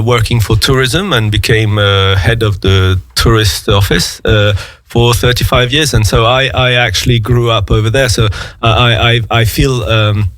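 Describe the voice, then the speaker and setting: A man with a British English accent, a guest on a radio interview, telling his story slowly with many fillers and restarts. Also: mid-range voice, a bit bright, no room sound. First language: French and English, bilingual. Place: radio studio.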